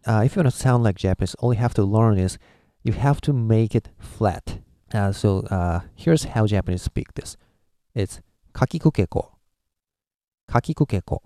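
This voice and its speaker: A man teaching a video lesson, explaining patiently with many halting pauses. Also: lowish voice, warm tone, dry recording, studio quality. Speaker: language teacher.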